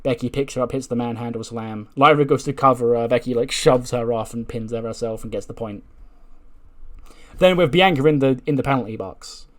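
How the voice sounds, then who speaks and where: A man's voice: medium pitch, a little fast. A man giving casual game playthrough commentary, chatty and laughing often as he retells the action. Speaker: gaming video creator.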